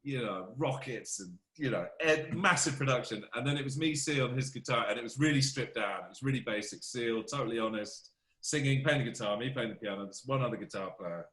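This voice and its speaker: A man, a film composer, telling stories as a guest in a casual interview, animated and self-deprecating. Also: medium pitch, a little fast, roomy sound.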